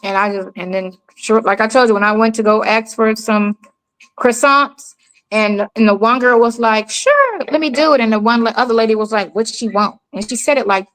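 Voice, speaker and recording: A woman's voice: fairly high pitch, poor audio. A middle-aged woman from the United States chatting casually. She tells her stories with energy and acts out each person she quotes. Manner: animated storyteller, acts out quoted people. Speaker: mother telling stories. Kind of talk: casual chat.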